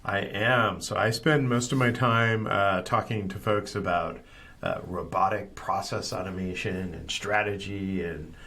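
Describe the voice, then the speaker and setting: Low-voiced male podcast guest. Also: steady tone, measured pace, bright, forceful tone. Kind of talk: casual chat.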